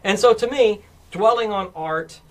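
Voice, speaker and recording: A man's voice: high voice, measured pace. A man from Texas, standing in as host in a casual chat, rambling with lots of restarts and fillers. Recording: music playing in background.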